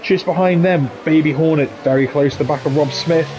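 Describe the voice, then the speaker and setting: Male lead commentator, slightly higher voice, chatty and joking, live race calls. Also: music in the background. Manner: chatty, jokey, quick asides. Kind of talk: live sim racing commentary.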